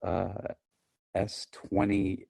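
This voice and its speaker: A man with a deep, low voice chats casually over his phone's microphone. He sounds relaxed and laid-back, with a playful edge. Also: very slow, vocal fry, husky. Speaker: host. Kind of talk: casual chat on a live audio app.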